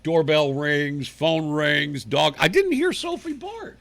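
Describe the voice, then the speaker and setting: A man's voice: fairly high pitch, expressive, slow pace, gravelly, fairly bright tone, no echo. A man hosting a talk show from his living room, rambling bluntly and crudely with many restarts. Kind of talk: casual rambling monologue on a livestream.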